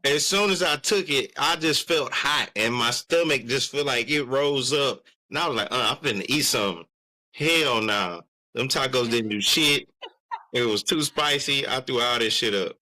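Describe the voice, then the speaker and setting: A man's voice: mid-range voice, moderate pace, bright, forceful tone. A man co-hosting a podcast who tells a short story and chimes in with short remarks. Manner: short agreeing interjections. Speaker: podcast co-host. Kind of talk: casual chat.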